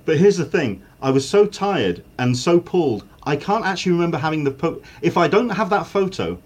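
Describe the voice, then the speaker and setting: A man's voice: a little high, animated, fairly quick. Hesitant man in casual chat. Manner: hesitant, many fillers and restarts.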